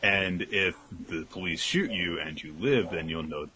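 A man's voice: deep voice, unhurried, bright, forceful tone. A man co-hosting a podcast, chatting casually and teasing his co-host dryly. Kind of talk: casual chat.

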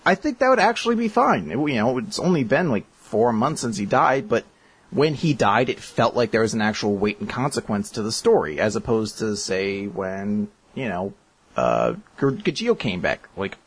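A man hosting a casual podcast chat, excitable and rambling, laughing often as he reads listener questions. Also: lowish voice, moderate pace, breathy edge.

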